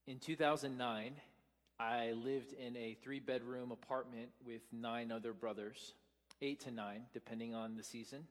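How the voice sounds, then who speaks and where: A man's voice: medium pitch, steady tone, normal speed, in a large hall. A man in his thirties preaching a sermon as pastor, telling stories casually with many fillers and restarts.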